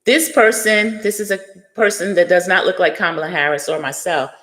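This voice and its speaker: A woman's voice: on the low side, quick pace, long reverb tail. A middle-aged woman hosting a casual livestream, chatting and greeting viewers by name. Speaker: livestream host.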